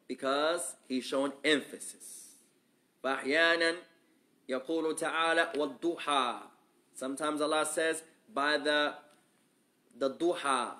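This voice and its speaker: A man's voice: a little high, sharp tone. A man teaching a religious lesson, reading Arabic text and translating it into English, often asking the listeners rhetorical questions. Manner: asks the audience rhetorical questions; reads Arabic quickly, explains in English more slowly. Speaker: Islamic teacher.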